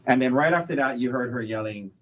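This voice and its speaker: A man as a defense attorney cross-examining a witness in court, halting and repeating words, closing each point with a leading question. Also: mid-range voice, a bit bright, muffled recording.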